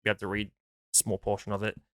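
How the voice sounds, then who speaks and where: A man, co-hosting a podcast in casual chat, laid-back, swearing offhandedly and reading articles aloud haltingly. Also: lowish voice, completely flat delivery, a bit bright, no room sound, studio quality. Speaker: podcast co-host.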